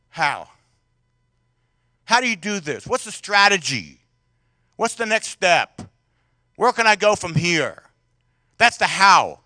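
A male pastor with a high, bright, ringing voice preaches a sermon, talking to the congregation conversationally and firing questions at them. He swings between loud outbursts and quiet, intimate moments, recorded close and dry with no echo.

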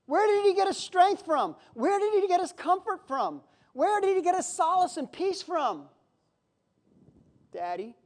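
A pastor preaching a sermon in a conversational, emotional way, with sudden loud outbursts. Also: male voice, extremely high pitch, sing-song, normal speed.

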